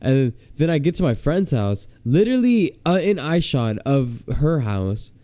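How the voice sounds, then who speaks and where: Give me a young man with a smooth, mellow voice telling a rambling story as a podcast co-host. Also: medium pitch, sing-song, normal speed, no echo, studio quality. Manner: rambling, heavy with "like" fillers. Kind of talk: casual storytelling.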